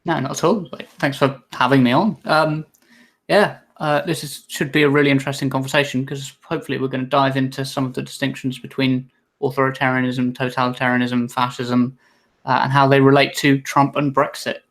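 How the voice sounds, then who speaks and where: Flat-voiced young man, hesitant. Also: mid-range voice, fairly quick. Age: young adult. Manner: hesitant, many ums and uhs, very even delivery. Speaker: guest, history student. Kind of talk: casual interview chat.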